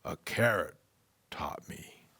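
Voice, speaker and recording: Guy whispering as a playful wise tree, deep and soft, whispered role-play. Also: slow pace, vocal fry, husky, full character voice. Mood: teasing. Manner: whispered, low and gentle.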